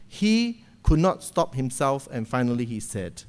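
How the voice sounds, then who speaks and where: A man preaching a sermon from a church pulpit, retelling a story in a lively way and often checking in with "okay?". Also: mid-range voice, a little slow.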